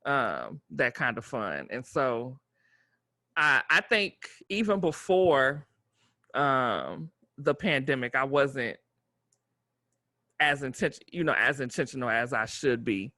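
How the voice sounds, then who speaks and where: A man co-hosting a podcast in casual chat, expressive with playful asides. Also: mid-range voice, slow, no echo, clean studio sound. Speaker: podcast co-host.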